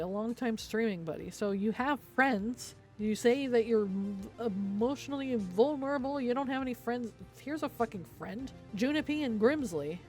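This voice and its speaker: A young woman streamer rants in angry, sarcastic bursts, swearing constantly and sounding proudly petty. Her voice sits a touch higher than most. Faint background music plays under her talk. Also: darkish tone. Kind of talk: ranting commentary on stream.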